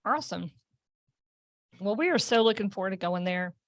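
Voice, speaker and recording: A woman co-hosting a podcast interview, chatty and quick to laugh. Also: mid-range voice, expressive, dry recording, studio quality. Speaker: podcast co-host. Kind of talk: casual interview chat.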